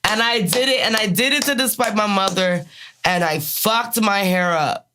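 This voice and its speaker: A woman in her twenties with a Maryland accent, co-hosting a podcast in casual, profane, animated chat. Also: mid-range voice, moderate pace, noisy background. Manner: candid, profane, animated storytelling. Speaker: podcast co-host.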